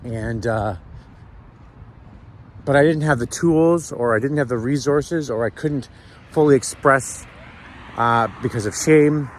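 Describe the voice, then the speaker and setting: Reflective man vlogging outdoors. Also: medium pitch. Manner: reflective, rambling with many restarts and "right?" tags. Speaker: sober vlogger. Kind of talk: casual walking vlog monologue. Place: outdoors on a city street at sunrise.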